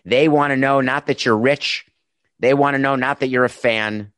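A man's voice: mid-range voice, steady tone, normal speed, a bit bright, dry recording. A middle-aged man, a former baseball team executive, giving an opinionated commentary monologue with emphatic, sarcastic, punchy delivery.

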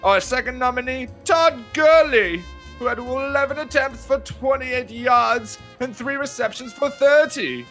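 A man's voice: extremely high pitch, fairly bright tone, faint music behind, pitched above the performer's own voice. A man putting on a pompous hoity-toity rich man's voice to announce nominees on a sports podcast. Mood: haughty. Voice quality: haughty, drawn-out delivery.

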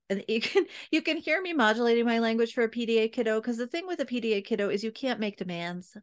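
A woman's voice: a little high, expressive, fast, few pauses. A woman in her thirties, a podcast host and parenting coach, telling a personal parenting story in a candid, chatty way with many asides to her listeners. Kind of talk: casual storytelling monologue.

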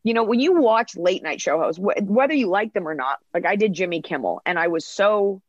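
A woman comedian in her thirties, a podcast guest, telling quick, chatty stories and acting out quoted lines in casual interview talk. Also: mid-range voice, animated, no echo, dull audio.

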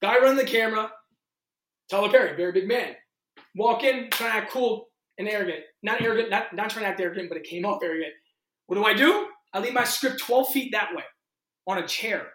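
A male actor telling audition stories in a casual interview, animated and full of "like". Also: high-pitched, a little hiss or hum. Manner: animated, fast-shifting, heavy use of "like". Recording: roomy echo.

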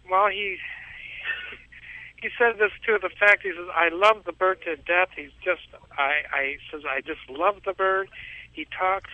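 A man's voice: fairly high pitch, no echo. A man calling in to a radio show, telling a long rambling story with frequent chuckles, heard over a tinny phone line. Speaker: caller.

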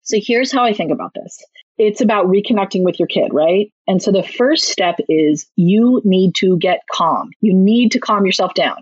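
A woman's voice: medium pitch, normal speed, slightly rough, no room sound. A woman and parenting author, explaining emphatically and chattily in an interview. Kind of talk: conversational advice interview. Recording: slightly muffled recording.

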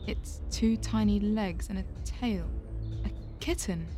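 An actress narrating a radio drama as a young woman looking back on her family, in a slow, quiet, reflective first-person voice. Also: medium pitch, music in the background, lightly acted. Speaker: lead narrator of an audio drama.

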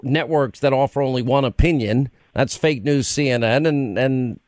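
A man hosting a talk radio call-in show, animated and exasperated, often cutting in on callers. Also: medium pitch, normal speed, no echo, studio quality. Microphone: studio mic.

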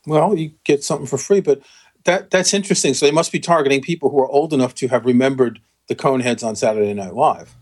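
A man's voice: medium pitch, fast, a little mellow. Guy cohost explaining stuff, lots of ums, kinda wry. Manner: explanatory, with fillers and restarts, wry. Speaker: co-host. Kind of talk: casual chat.

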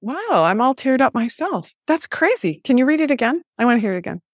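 A woman's voice: sits high, big pitch swings, brisk, dry recording. Effusive middle-aged woman co-host, dry sound. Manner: effusive, exclaiming. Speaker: podcast co-host, former FBI program head. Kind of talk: casual chat. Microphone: remote call.

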